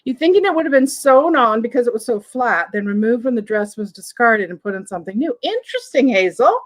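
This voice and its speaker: A woman's voice: on the high side, big pitch swings, a little fast, rough recording. A woman with a Southern American accent hosting a live online vintage sale in a chatty way, reading viewer comments aloud between descriptions of items. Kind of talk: live-stream sales chat.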